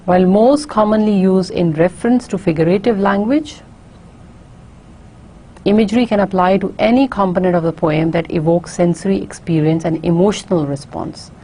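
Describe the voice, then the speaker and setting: A woman giving a recorded university lecture, explaining carefully and often pausing on fillers and restarts. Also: fairly low pitch, warm tone, a little hiss or hum.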